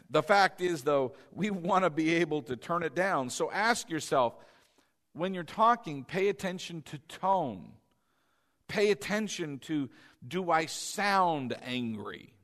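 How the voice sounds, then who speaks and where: A middle-aged man preaching a sermon as pastor in a church. He talks in an animated way, climbing to loud emphasis and then dropping low and confiding.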